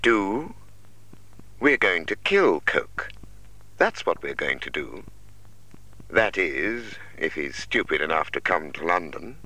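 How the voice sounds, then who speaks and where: A male narrator voicing a cruel, educated man, speaking smoothly, coldly and calmly. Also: low-pitched, slow, pauses often, full character voice. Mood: cold menace. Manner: smooth, cold and calm. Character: cold, cruel, educated man woken at night.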